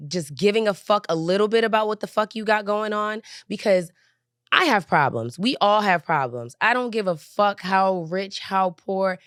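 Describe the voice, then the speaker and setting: A woman's voice: on the low side, a bit bright, no echo, clean studio sound. A woman hosting her own podcast, venting in a heated, profane way and driving her points home with "okay?". She is angry and shaken. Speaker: podcast host. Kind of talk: casual venting monologue. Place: recording studio couch.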